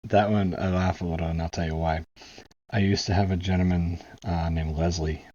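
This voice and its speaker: A very low, husky American man talks casually to his viewers, thinking out loud and groping for words. The sound is a bit dull and muffled. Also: steady tone, moderate pace. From United States. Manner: musing, searching for words. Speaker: reaction video host. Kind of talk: casual commentary.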